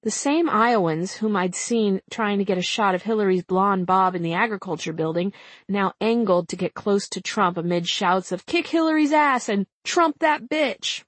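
Woman in her 30s reading her memoir out loud, wry and chatty, dry booth sound. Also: mid-range voice, normal speed, dry recording. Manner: wry, conversational. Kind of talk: audiobook memoir narration.

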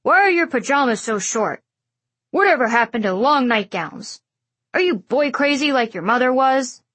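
A woman's voice: high-pitched, lively intonation, moderate pace, a bit bright, breathy edge, dry recording, full character voice. A woman voicing a cranky, pompous old male scientist who now has a teenage boy's body, lecturing and indignant, in an audiobook. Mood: scolding. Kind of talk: audiobook character voice.

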